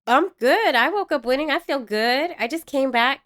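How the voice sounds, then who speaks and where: A middle-aged woman co-hosting a podcast, an animated storyteller who laughs often in casual chat. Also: high voice, moderate pace. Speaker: podcast co-host.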